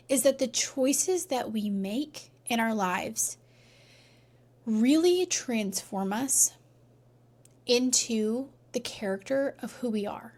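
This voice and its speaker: A woman coach telling a faith-based story in casual talk, often checking in with "right?" and dropping to near-whispers at emotional points. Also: fairly high pitch. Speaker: relationship coach.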